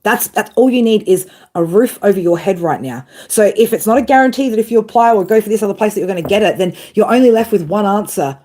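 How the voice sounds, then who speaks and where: A woman's voice: mid-range voice, quick pace, hardly any pauses, warm tone. A woman in her thirties giving a blunt tarot reading, swearing freely, handing out tough love and asking "right?" over and over. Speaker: tarot reader.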